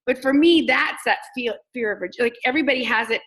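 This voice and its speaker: A woman's voice: high-pitched, fast, a bit bright, low-quality recording. A woman from Texas, a comedian and coach, talking candidly in an interview, telling stories with lots of filler words. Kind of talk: casual interview chat.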